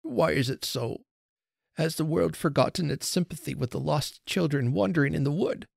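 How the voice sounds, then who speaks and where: A man's voice: mid-range voice, measured pace, vocal fry, dry recording. Man reading broken old Father Christmas, timid, apologetic, pleading, storybook, dry sound. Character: frightened, humble old Father Christmas, male.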